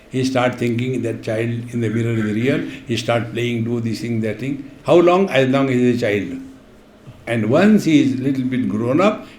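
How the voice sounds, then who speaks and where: A man giving a spiritual discourse, chanting verses and explaining them with playful stories and acted voices. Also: mid-range voice. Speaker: spiritual teacher. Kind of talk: spiritual discourse with humorous anecdotes. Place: retreat hall. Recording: echoey hall.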